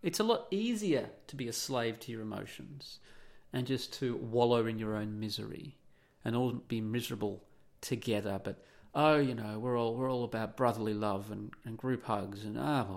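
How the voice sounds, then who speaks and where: A man's voice: mid-range voice, normal speed, creaky. A middle-aged man hosting an opinionated monologue, blunt and profane, firing off rhetorical questions.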